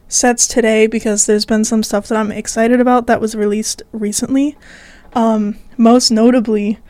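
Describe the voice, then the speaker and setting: A woman's voice: on the high side, a little mellow, dry recording. A young woman hosting a college radio show, chatting casually with a few fillers from a studio mic, a little out of breath. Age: young adult.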